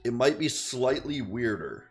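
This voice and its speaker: A man's voice: mid-range voice, very animated, unhurried, slightly rough. A man talking casually and bluntly while he trades live, rambling through his points and swearing now and then. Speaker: day trader streamer. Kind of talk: casual trading talk.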